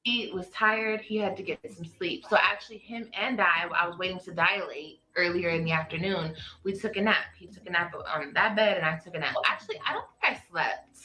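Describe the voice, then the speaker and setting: A young woman vlogger telling her story to viewers in a drawn-out, animated way. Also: lowish voice, echoey room, poor audio.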